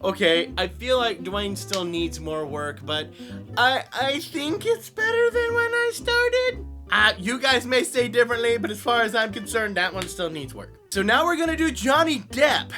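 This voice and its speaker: This is a young man vlogging with a bright, punchy voice that leaps all over its range. He is casual and self-deprecating, and faint guitar music plays behind him. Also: high voice. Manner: animated, self-deprecating, quick laughs. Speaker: voice actor and YouTuber. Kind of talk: casual vlog commentary.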